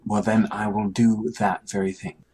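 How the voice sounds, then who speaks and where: A man voicing a steady female wartime rescue worker in a put-on British accent. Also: fairly low pitch, moderate pace, husky. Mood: resolute. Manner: plays in character through the moves.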